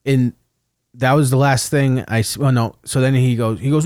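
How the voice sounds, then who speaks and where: A man telling a story in casual chat, swearing freely and getting animated. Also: mid-range voice, a little fast, dry recording, clean studio sound. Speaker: podcast co-host telling a story.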